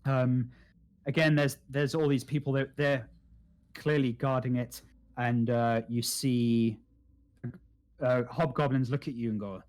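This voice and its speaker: A man narrates as game master in a tabletop game. He talks in a mid-pitched, halting way, with many fillers and restarts. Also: fairly even intonation, a little mellow.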